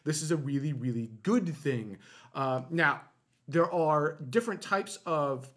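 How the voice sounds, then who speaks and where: A man's voice: a little high, a little slow, fairly bright tone. A man co-hosting a live online space show, chatting casually and explaining space news with plenty of fillers and restarts. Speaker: show co-host.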